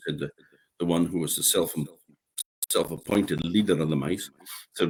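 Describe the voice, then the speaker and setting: A man with an Orkney accent telling a folk tale in a lively, animated way. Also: deep voice, normal speed, slight background noise. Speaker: storyteller.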